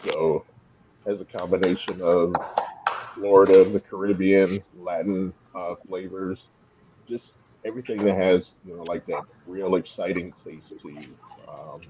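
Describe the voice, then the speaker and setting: A man, a chef guest, talking in a relaxed, unhurried way about food on a podcast. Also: low-pitched, muffled recording, a little hiss or hum. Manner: relaxed, with fillers, talks food. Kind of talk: casual podcast talk.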